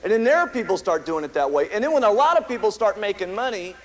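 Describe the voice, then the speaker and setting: High-voiced American man giving a pep talk. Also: very animated, quick pace, low-quality recording. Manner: emphatic and repetitive, storytelling. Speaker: company founder speaking at a meeting. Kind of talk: motivational speech to a live audience. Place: meeting hall with an audience.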